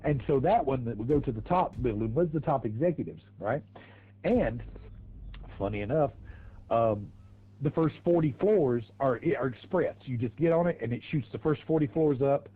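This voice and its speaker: A man's voice: mid-range voice, animated, moderate pace, husky, narrow, tinny audio. A man streaming a racing game, telling crude stories in a rambling, laughing way. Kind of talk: casual storytelling while gaming.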